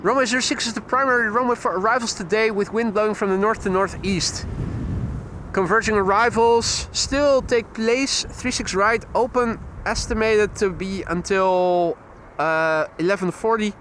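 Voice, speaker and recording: A man's voice: high voice, moderate pace, slight background noise. Dutch man calling plane arrivals. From Netherlands. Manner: steady, informative call-outs of arriving planes. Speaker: plane-spotting livestream host. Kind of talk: live aviation commentary. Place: outdoors next to an airport runway.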